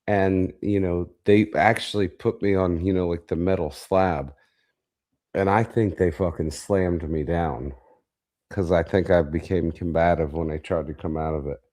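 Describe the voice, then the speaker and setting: A man with a very low, deep voice tells stories in a loose, animated way, swearing freely. His talk is relaxed chat among friends, rambling and vivid. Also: a little slow. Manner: profane, animated storyteller. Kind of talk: casual chat, storytelling.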